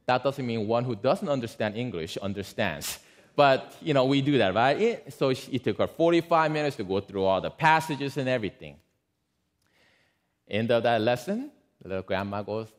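A man preaching, walking his congregation through a story with plenty of asides. His pitch rises and falls a great deal as he talks, and he sits at an ordinary middle pitch for a man. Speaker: pastor. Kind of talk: sermon storytelling.

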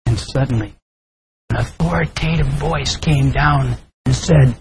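A man pastor preaching a sermon, praying and telling a story in an earnest, deliberate way. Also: medium pitch, vocal fry, darkish tone, a little hiss or hum, low-quality recording. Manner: slow, deliberate, earnest delivery.

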